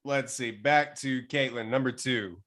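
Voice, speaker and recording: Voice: medium pitch, unhurried, a bit bright. A podcast host moderating a casual chat, joking and moving the list along.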